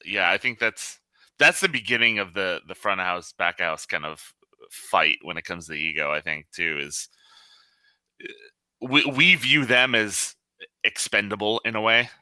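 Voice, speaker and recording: Deep, bright-toned man talking kitchens. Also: moderate pace, dry recording. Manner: profane, blunt, rambling. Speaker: line cook. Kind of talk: casual podcast chat.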